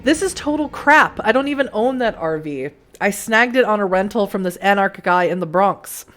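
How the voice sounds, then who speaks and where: A woman's voice: medium pitch, expressive, normal speed, a bit bright, close to an everyday voice. A woman reading aloud the part of a brash, sarcastic young vampire woman who swears freely, in a visual novel game. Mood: indignant. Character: sassy, sharp-tongued young vampire woman, cornered.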